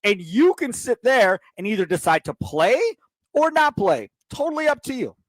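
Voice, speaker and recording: A man's voice: high voice, very animated, normal speed, dry recording, low-quality recording. A man hosting sports talk radio, ranting in heated, emphatic bursts into a studio mic.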